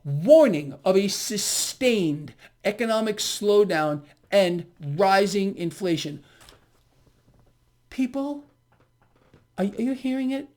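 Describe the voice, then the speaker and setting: A man's voice: sits high, expressive, slow, long pauses, darkish tone. A man giving a market commentary monologue on his video blog, emphatic and sarcastic, repeating his key words with ironic asides. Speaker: financial vlogger.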